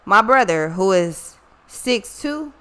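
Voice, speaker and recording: A woman's voice: medium pitch, lively intonation, takes it slowly, sharp tone, clean tone. A woman talking straight to her viewers in a blunt, profane, scolding style as a card reader, mixing in a personal story. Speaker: tarot reader. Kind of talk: blunt casual monologue to viewers.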